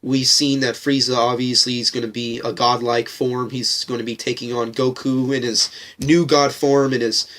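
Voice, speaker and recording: A young man hosting a casual fan podcast, swearing freely and rambling in an excitable, animated way. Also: mid-range voice, normal speed, hardly any pauses, distant mic. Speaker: podcast host.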